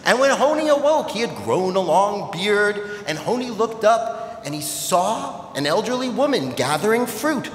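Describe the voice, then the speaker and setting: Lively male storyteller in an echoey hall. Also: high voice, measured pace. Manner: lively, playful, addresses the audience. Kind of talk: telling a children's story at a service. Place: temple sanctuary. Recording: echoey hall with long reverb.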